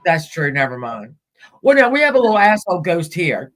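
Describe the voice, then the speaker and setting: A man's voice: a little high, sing-song, a little fast, a bit bright. A man hosting a casual live stream, chatting and greeting viewers by name as he goes. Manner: chatty, greets viewers mid-sentence, laughs easily.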